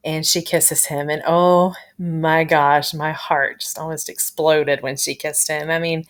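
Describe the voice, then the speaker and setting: A woman's voice: low voice, little pitch movement, measured pace, hardly any pauses. A woman reviewing a TV episode in a casual, gushing way, full of fillers and retold scenes. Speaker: TV show reviewer.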